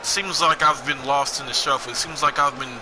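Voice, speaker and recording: A man's voice: medium pitch, fairly even intonation, fairly quick, noisy background. A young man doing casual gameplay commentary, rambling and joking at his own expense. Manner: rambling, joking, self-mocking.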